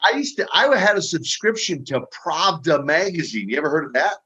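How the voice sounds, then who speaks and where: An older man tells stories with an animated, stop-start delivery, doubling up words as he speaks. His voice sits a little high for a man. The recording is muffled and lo-fi. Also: fairly quick, breathy edge. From Minneapolis, US Midwest. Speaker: guest, retired pro wrestler. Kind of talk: casual storytelling interview. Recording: dull lo-fi audio.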